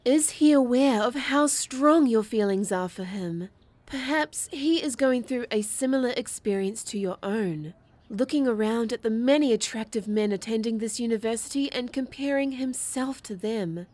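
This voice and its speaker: A woman's voice: on the high side, moderate pace, a little mellow, close to an everyday voice. A woman voicing an alien posing as a human student, who speaks in a stiffly formal, old-fashioned way. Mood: earnest. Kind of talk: audio drama acting.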